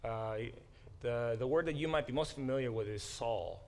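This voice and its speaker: A professor of biblical studies delivers a classroom lecture, stopping to explain Hebrew words and performing quoted speech with dramatic flair. His voice is medium in pitch, gravelly, and slightly mellow.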